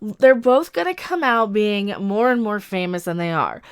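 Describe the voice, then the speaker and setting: A woman's voice: mid-range voice, big pitch swings, moderate pace, smooth. A woman giving rambling, sarcastic and opinionated commentary as an online commentator.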